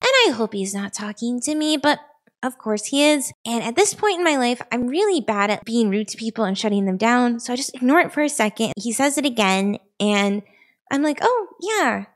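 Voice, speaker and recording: A young woman narrating a personal story in a casual, animated, exasperated way. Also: fairly high pitch, brisk. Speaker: vtuber storyteller.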